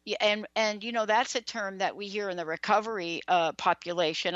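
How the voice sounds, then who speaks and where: A woman hosting a radio interview, asking questions in a chatty, animated way. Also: medium pitch, a little fast, few pauses, no room sound, dull audio. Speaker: radio show host.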